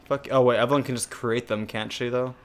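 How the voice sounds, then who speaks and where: A man's voice: mid-range voice, fairly even intonation, a little fast. Swearing young man playing a game. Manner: swears freely, thinks out loud while playing. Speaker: gaming channel co-host. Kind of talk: casual gameplay commentary.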